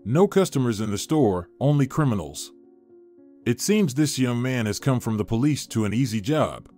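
A man's voice: medium pitch, animated, moderate pace, dark tone, soft background music, close to an everyday voice. Polite retiree in his sixties, tired but hopeful, read by a man narrator. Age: 60s.

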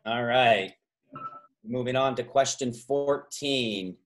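A man hosts a trivia quiz over a video call, heard through a call microphone. His voice sits at a middling pitch, and he drags out the key words of each question. Between options he slips in casual asides and corrects himself mid-sentence. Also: faint music behind. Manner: reads multiple-choice options slowly, stretching key words; chatty asides and self-corrections.

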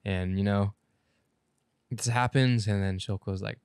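A man's voice: low voice, little pitch movement, normal speed, a little mellow, clear, resonant tone, no room sound, clean studio sound. A man co-hosting a podcast in casual chat, rambling through an anime plot, correcting himself and swearing casually. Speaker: podcast co-host.

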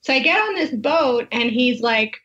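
A woman with a fairly high voice tells her story in a relaxed interview, laughing often and slipping into the voices of the people she quotes. The audio is dull and muffled. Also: normal speed. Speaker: guest, wine tasting business founder.

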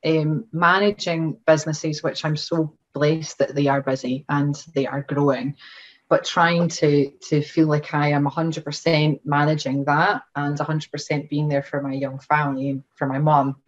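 A woman with a Glaswegian Scottish accent, a guest on a podcast chatting about language teaching and telling animated, laughing stories. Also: deep voice, moderate pace. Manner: lively, animated storytelling with laughter. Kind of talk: casual podcast chat. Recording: dull lo-fi audio.

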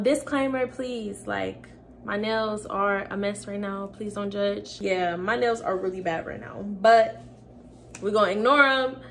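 A woman's voice: medium pitch, fairly bright tone, slight background noise. A young woman vlogger chatting casually to viewers while cooking in her home kitchen, telling a story and laughing often.

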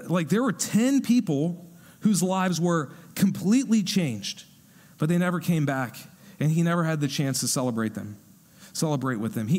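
A male pastor giving a sermon in a conversational, animated way. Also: fairly high pitch. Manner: conversational, animated when acting out quotes.

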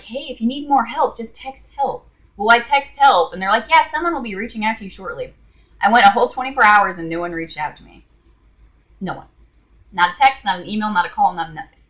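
Bright-voiced woman ranting in frustration. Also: medium pitch. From Indiana. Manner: exasperated, sarcastic storytelling. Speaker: vlogger. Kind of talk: casual rant to camera.

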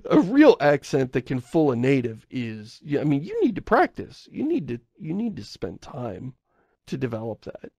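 A man with a gravelly, fry-edged voice chats loosely as a podcast co-host. He rambles, doubles back to fix himself and chuckles between thoughts. The sound is close and dry. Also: medium pitch, wildly swooping pitch, moderate pace, darkish tone, no room sound, dull audio. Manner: rambling, self-correcting, chuckles often. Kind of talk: casual podcast chat.

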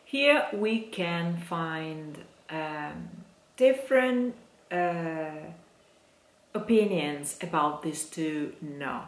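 A woman with an Italian accent teaches singers diction, sounding out each syllable slowly and carefully. Her voice sits a little low. The room around her is echoey. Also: lively intonation. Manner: demonstrates phrases slowly, syllable by syllable. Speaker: singing teacher. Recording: roomy echo.

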